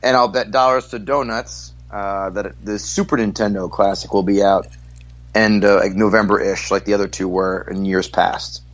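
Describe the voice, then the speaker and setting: A man's voice: fairly low pitch, steady tone, normal speed, poor audio. A man who is a comedian, a guest on a podcast, talking casually and swearing freely while he plays a video game. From New Jersey, across from New York City.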